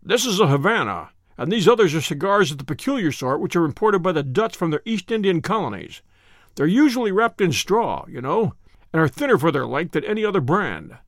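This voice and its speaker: A man reading a calm, precise detective. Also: high voice, no room sound, studio quality. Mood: explaining. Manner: measured, explanatory. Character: brisk confident male detective, calm and precise.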